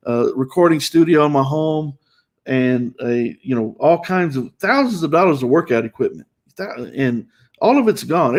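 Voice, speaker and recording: Male host, raw and emotional storyteller, fairly high voice, stumbling restarts. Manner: emotional, many restarts and repetitions.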